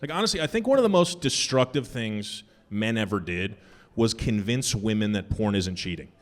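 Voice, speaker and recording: Young male stand-up comic, animated delivery, live club reverb. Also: moderate pace. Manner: animated, jumps into high-pitched punchlines. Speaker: stand-up comedian. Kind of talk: stand-up set. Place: comedy club stage.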